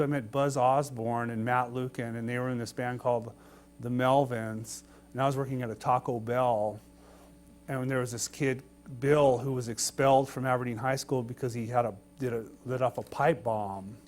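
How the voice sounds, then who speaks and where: A man's voice: mid-range voice, steady tone, normal speed, darkish tone. A man recalling his youth in an interview, rambling and laughing as he talks. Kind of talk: anecdotal storytelling interview.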